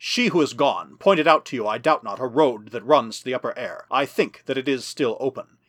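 A man voicing an ancient, bitter male superman ruler who speaks in slow, grave, menacing pronouncements. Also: mid-range voice, animated, a bit bright, no room sound. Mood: cold commanding.

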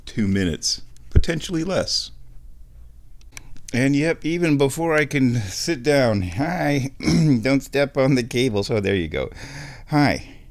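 A man hosting a casual show at his microphone, playful, dropping into high baby talk for his cat. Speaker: radio host. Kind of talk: casual chat. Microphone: studio microphone.

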